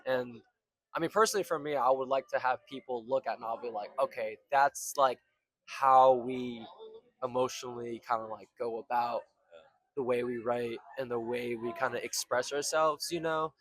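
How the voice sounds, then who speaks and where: A young man with a mid-pitched voice talks casually and jokingly about his band, full of fillers. The recording is dry and close. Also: fairly even intonation, moderate pace, a bit bright, dry recording. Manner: loose, filler-heavy, joking. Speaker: band member. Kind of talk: casual interview chat.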